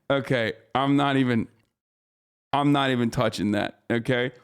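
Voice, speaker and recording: A man's voice: medium pitch, unhurried, clear, resonant tone. A man livestreaming casual commentary, ranting in an exasperated, profane way and rambling with frequent restarts. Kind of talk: casual live-stream commentary.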